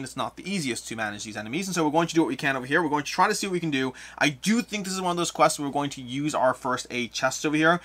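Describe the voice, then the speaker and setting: Bright-voiced man explaining board game moves. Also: medium pitch. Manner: explanatory, thinking aloud over rules and moves. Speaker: board game player and host. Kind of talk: board game playthrough commentary.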